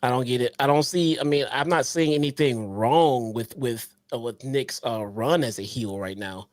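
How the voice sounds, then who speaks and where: A man co-hosting a casual podcast, relaxed and slangy. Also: mid-range voice, normal speed, no room sound, clean studio sound. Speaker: podcast co-host.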